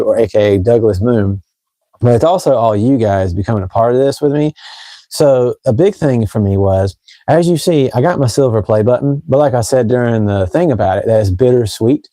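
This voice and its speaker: Mellow Southern man chatting on a live stream. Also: lowish voice, no echo. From Tennessee, US. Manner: rambling, chatty, talks straight to viewers. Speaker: fragrance channel host. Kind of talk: casual live stream chat. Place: room at home.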